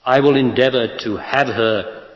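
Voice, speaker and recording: A man's voice: medium pitch, unhurried. Man, spiritual teacher, emphatic, blunt, rhetorical questions, dull lo-fi recording, hall echo. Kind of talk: spiritual talk to an audience. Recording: lo-fi echoey hall.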